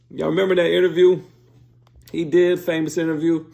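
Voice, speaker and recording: A man's voice: sits high, fairly even intonation, moderate pace, vocal fry, pauses often, a little mellow. A man hosting a sports show, giving blunt, profane, fired-up casual opinion commentary.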